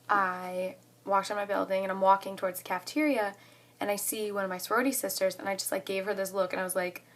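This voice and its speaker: A young woman in her twenties telling a story to the camera in a casual vlog, excited and chatty, saying "like" often. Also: medium pitch. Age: 20s. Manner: excited and chatty, heavy use of "like". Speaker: college student vlogger.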